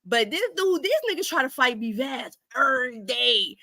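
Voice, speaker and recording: Woman, podcast co-host, animated storyteller, bright tone, dry close sound. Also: high-pitched, normal speed, no echo. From Ohio. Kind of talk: casual storytelling chat.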